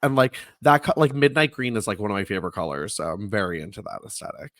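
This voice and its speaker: A young man co-hosting a podcast, telling stories in a lively, animated way, laughing often and acting out quotes in a high voice. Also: fast, dry recording. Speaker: podcast co-host. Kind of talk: casual chat.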